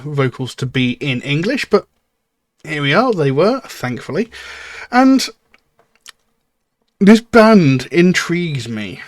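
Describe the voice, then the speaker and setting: A man's voice: fairly high pitch, dry recording. Man musing over a song, dry close sound. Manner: musing, thinks aloud with frequent fillers. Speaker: music reaction channel host. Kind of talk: casual spoken commentary.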